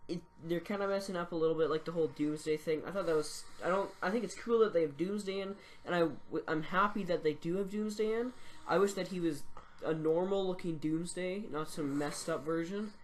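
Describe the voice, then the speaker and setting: A teenager chats on a casual podcast at a middle pitch. The talk is hesitant and full of restarts, with a faint hiss behind it. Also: fairly quick. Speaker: podcast co-host. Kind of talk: casual chat.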